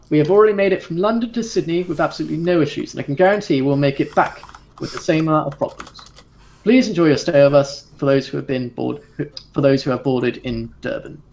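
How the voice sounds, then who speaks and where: A man voicing a confident, no-nonsense veteran sea captain who makes a loud announcement to passengers in a tabletop game. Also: a little high, close to an everyday voice. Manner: bellowing, reassuring announcement. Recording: dull lo-fi recording.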